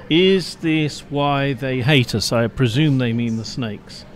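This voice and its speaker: A man's voice: medium pitch, lively intonation, slow pace. A man hosting a casual panel podcast, telling long stories with many fillers. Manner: rambling storyteller, hesitant fillers. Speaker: podcast host.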